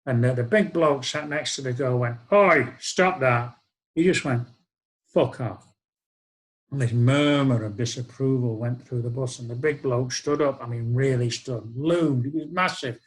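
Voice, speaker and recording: A man's voice: mid-range voice, moderate pace, hardly any pauses, low-quality recording. Wry older man storytelling. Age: 60s. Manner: wry, reflective, conversational. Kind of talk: spoken-word storytelling.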